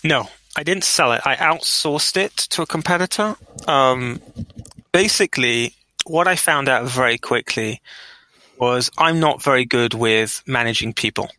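Speaking a little slowly, a middle-aged business owner recounts stories in an interview, animatedly acting out the dialogue with rising pitch. The low-quality recording has no echo.

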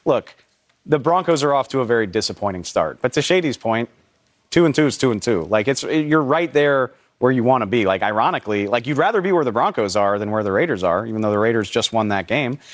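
Lively, reasoning male panelist. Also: mid-range voice. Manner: measured, reasoning, dry. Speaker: sports talk show panelist.

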